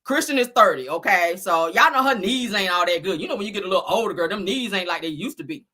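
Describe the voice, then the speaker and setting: A woman's voice: medium pitch, fast. A woman in her forties hosting a casual celebrity gossip vlog, talking to viewers with profanity and frequent laughter. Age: 40s. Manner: animated, profane, laughs often, addresses viewers as girl and child. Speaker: host.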